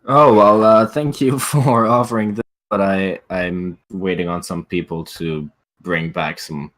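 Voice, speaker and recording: A man's voice: low-pitched, steady tone, a little slow, fairly bright tone. A man voicing a polite, hesitant stranded traveler at a broken wagon, laughing a little as he talks.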